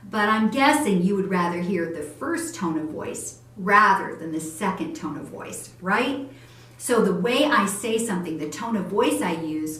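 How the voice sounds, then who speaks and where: A woman teaching a church family class on communication, gentle and encouraging, showing how tones of voice sound. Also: mid-range voice. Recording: echoey room, voice from far off.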